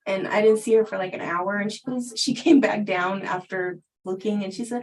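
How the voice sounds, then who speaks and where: A woman's voice: mid-range voice, normal speed, few pauses, poor audio. A middle-aged woman, a spiritual teacher, casually telling a personal story on a livestream and laughing often between sentences.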